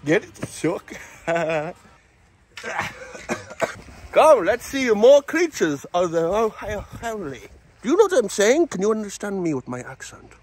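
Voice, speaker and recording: A wildlife ranch owner records a comedic in-character vlog outdoors on his ranch, hamming it up as a campy fanged male vampire lord with a put-on vampire accent, theatrical and cackling. His voice is pushed up, high-pitched and sing-song, at a measured pace, with a little hiss or hum.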